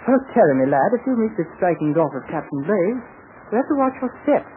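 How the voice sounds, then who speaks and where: A man's voice: sits high, sing-song, a little fast, narrow, tinny audio. An actor playing a chummy young British airman with a British accent, a 1940s radio drama performance. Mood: boastful. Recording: scratchy 1940s radio broadcast.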